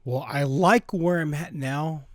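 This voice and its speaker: Brief: slightly high male voice, animated and stammering, dry close sound. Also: a little slow, no room sound. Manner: hesitant, laughing, stammering restarts. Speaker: podcast co-host. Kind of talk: casual chat.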